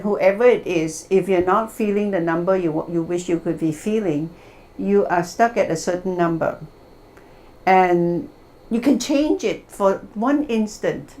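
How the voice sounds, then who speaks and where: Animated woman leading a wellness workshop. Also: mid-range voice. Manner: animated, acts out the people in her stories. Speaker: workshop leader and hypnotherapist. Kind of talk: wellness workshop talk with storytelling.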